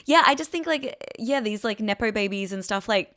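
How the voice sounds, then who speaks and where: A woman's voice: on the high side, expressive, normal speed, a bit bright. A woman co-hosting a comedy podcast, chatty and full of fillers. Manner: chatty, filler-heavy, agreeable. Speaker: podcast co-host. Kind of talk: casual comedy chat.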